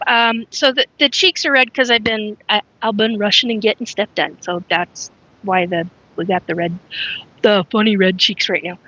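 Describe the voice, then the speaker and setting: A woman's voice: medium pitch, steady tone, moderate pace, sharp tone, muffled recording. A woman hosting a casual live stream, rambling frankly and greeting viewers by name as she talks. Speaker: livestream host.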